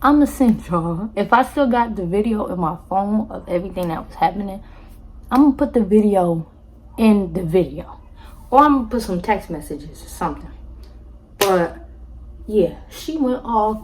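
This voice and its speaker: A young woman telling a personal story to her viewers in a casual, animated way, talking to them directly and acting out what others said. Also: normal speed, a little hiss or hum, rough recording. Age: young adult. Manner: animated, acts out quotes with jumps in pitch; addresses viewers directly as y'all. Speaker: storytime vlogger.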